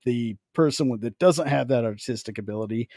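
A man's voice: mid-range voice, a little fast, dark tone, no echo, studio quality. A man co-hosting a casual podcast, talking in an opinionated, profane way. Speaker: podcast host. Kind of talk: casual chat.

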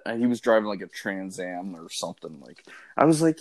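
A man's voice: fairly low pitch, sing-song, normal speed, a little mellow. A man in casual chat, telling a story at an easy pace with fillers.

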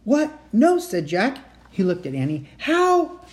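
A home reader voicing a nervous but careful young boy in a storybook reading, with a raised, strained pitch. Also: huge pitch swings, slow pace, darkish tone. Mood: alarmed.

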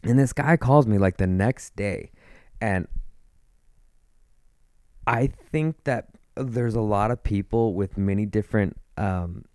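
A man co-hosting a podcast, telling a story in casual chat, animated and swearing as he quotes people. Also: on the low side, clear, resonant tone, dry recording, clean studio sound. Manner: animated, swearing, quoting others. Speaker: podcast co-host.

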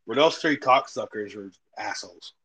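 A man's voice: on the low side, expressive, normal speed, a bit bright, slightly rough, poor audio. A man, co-hosting a casual podcast chat in a crude, blunt way, swearing heavily. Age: 30s. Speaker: podcast co-host.

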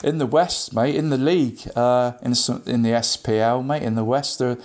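A man's voice: medium pitch, moderate pace, a little mellow. A man giving a casual local football results roundup, constantly saying "mate" with frequent ums and restarts.

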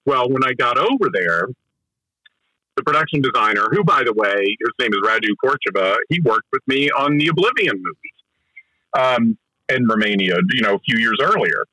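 A man's voice: mid-range voice, big pitch swings, moderate pace, pushed and bright, no room sound, poor audio. A man, a film director, eagerly recounting production stories in an interview, often restarting his sentences. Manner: enthusiastic storyteller with frequent restarts. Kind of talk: conversational interview anecdote.

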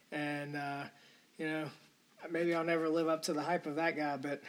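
A man's voice: on the high side, flat delivery, normal speed, fairly bright tone. A man hosting a podcast, delivering a rambling, indignant solo rant full of profanity. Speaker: podcast host. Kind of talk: ranting solo podcast monologue.

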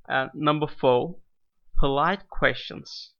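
A man teaching English questions in an online lesson, explaining slowly and repeating each example phrase. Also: fairly high pitch, bright, forceful tone, dull audio.

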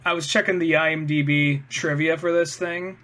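A man's voice: on the high side, steady tone, moderate pace, sharp tone. A man co-hosting a podcast, chatting casually with a lot of swearing and laughter. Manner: profane, laughing, ranting. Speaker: podcast co-host.

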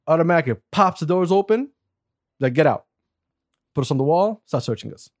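A man in his forties from Saudi Arabia telling a story in casual chat, animated, laughing often and swearing freely. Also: fairly high pitch, a little fast, dry recording, studio quality. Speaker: guest.

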